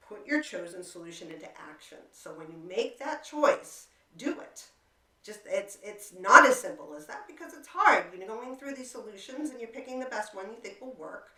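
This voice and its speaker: A woman's voice: medium pitch, pushed and bright. A woman explaining a coping skill in a casual, conversational way, often checking in with "right?" and "okay?". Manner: conversational, many fillers and rhetorical "right?" and "okay?". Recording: echoey room, voice somewhat far from mic.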